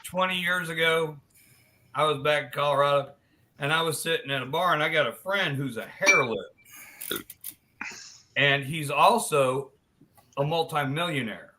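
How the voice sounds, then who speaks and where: A man hosting a live chat stream, telling long crude jokes in a loose, animated way. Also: a little high, moderate pace, pauses often, a little hiss or hum. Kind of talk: joke telling in casual chat.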